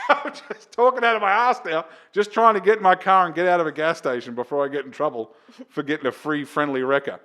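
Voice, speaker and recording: A man with an Australian accent, a comedian guest on a podcast, telling stories in lively casual chat and slipping into voices when he quotes people. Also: fairly high pitch, brisk. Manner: animated storyteller, slips into voices for quotes.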